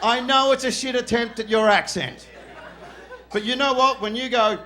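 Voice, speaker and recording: A man with an Australian accent doing a stand-up comedy set on a club stage, loud, brash and profane, often shouting and laughing into a handheld mic. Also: very high-pitched, moderate pace, a faint crowd, a little hiss or hum.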